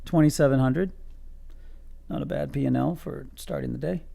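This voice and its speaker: A man's voice: medium pitch, moderate pace, gravelly, warm tone. A man streaming his day trading live, calling out levels to viewers in a casual, joking, self-amused way.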